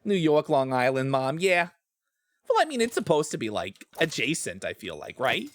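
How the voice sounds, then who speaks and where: A man's voice: fairly high pitch, huge pitch swings, normal speed, dry recording, studio quality. A man chatting casually with viewers while streaming a game, rambling, trailing off mid-thought and laughing often. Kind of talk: casual gaming stream chat.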